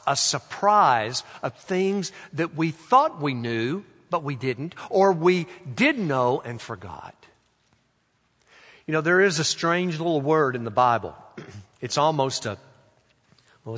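A man preaching a sermon in a slow, deliberate way, stretching out quoted phrases and letting them fall soft. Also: fairly high pitch. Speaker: pastor. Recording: long hall reverb.

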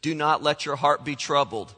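A man preaching a sermon as pastor, animated, acting out the voices he quotes. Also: a little high, moderate pace. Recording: long hall reverb.

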